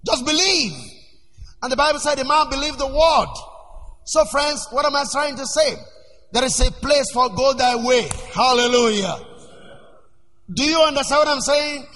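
High-voiced preaching man in a reverberant hall. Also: moderate pace. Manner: emphatic preaching, repeating lines, rising to shouts. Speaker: pastor. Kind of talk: sermon. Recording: long church reverb.

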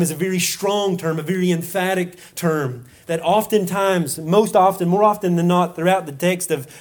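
A man preaching a sermon to his congregation in an earnest way, asking rhetorical questions and often restarting and repeating words. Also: high-pitched. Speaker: pastor.

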